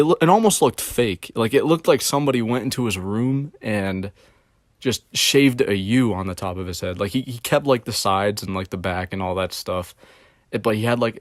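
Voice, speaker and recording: Rambling, profane young man, fairly low voice. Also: no echo, studio quality. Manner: rambling, profane, storytelling with many fillers. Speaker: streamer. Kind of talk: casual rant about work.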